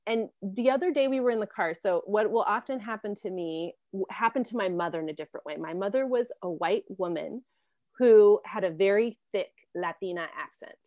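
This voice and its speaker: A South American woman in her thirties or forties, speaking at medium pitch a little fast, shares personal stories as an interview guest, laughing often and acting out other people's lines. Her voice is a little mellow, in a dry recording with dull audio.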